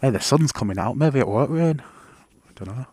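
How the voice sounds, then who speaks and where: This man's mid-range voice is expressive, brisk, mellow, and slightly rough, with no echo. As a motorcycle vlogger riding outdoors, he offers rambling, self-deprecating, profanity-laced commentary into a mic on his helmet or bike.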